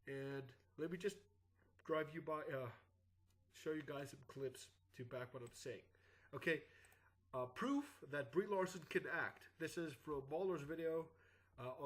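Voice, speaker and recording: A man's voice: fairly high pitch, moderate pace, low-quality recording. A sick man with clogged sinuses and a groggy morning voice, giving rambling casual commentary as a YouTube host. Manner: rambling, with frequent "uh" and restarts.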